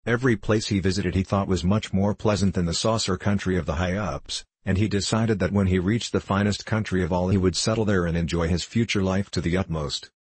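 A man reading a storybook aloud in a steady, measured way. His voice is deep and husky, and the close-miked recording is dry with no room sound. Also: dry recording. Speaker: narrator. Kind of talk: storybook audiobook narration.

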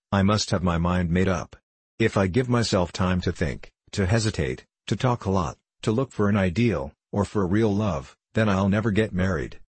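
Jittery, fretful suitor in his thirties, read by a man with a deep, husky voice for an audiobook play. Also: dry recording. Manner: fretful, flustered, stumbling over words. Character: nervous 35-year-old male suitor, anxious and hypochondriac.

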